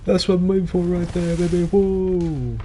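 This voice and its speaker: A man's voice: flat delivery, moderate pace, warm tone, a little hiss or hum, lightly acted. A man doing an impression of another man shrieking and whooping in gaming triumph. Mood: ecstatic yelling. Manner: whooping, shrill, ecstatic.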